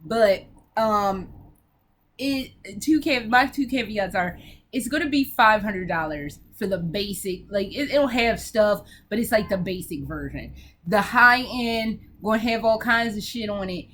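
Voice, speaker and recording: A woman's voice: mid-range voice, lively intonation, measured pace, a bit bright, a little hiss or hum. A woman hosting a casual video game vlog, talking in a brash, profane, rambling way with frequent giggles.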